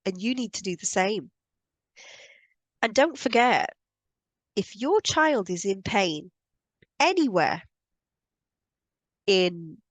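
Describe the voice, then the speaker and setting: A woman's voice: medium pitch, no room sound. A woman speaking as a spiritual healer, explaining her views in an earnest, emphatic monologue and repeating points for stress. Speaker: spiritual healer teaching on energy.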